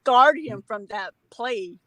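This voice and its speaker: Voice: medium pitch, animated, takes it slowly, a bit bright, no echo, low-quality recording. A participant in sports banter chiming in with trivia.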